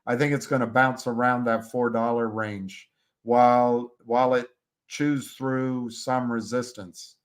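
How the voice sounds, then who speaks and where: Slow-talking man reading stock charts. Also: mid-range voice, level tone, clean tone. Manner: halting, restarts mid-phrase, talks to viewers by name. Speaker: live stream host. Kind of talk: casual stock chart commentary.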